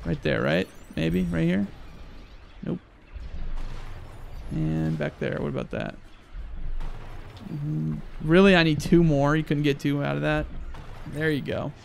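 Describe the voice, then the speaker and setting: A young man giving loud, crude, excitable commentary while playing a video game. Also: a little high, slow, vocal fry, pauses often, slight background noise. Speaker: gaming YouTuber. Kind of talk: let's play commentary.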